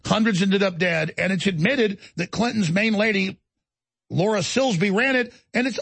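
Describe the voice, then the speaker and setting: A man's voice: sits high, animated, normal speed, vocal fry, a bit bright, husky, dry recording. A man hosting a call-in radio show, ranting intensely and mocking others in put-on voices. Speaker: radio show host taking calls. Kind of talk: heated talk radio rant.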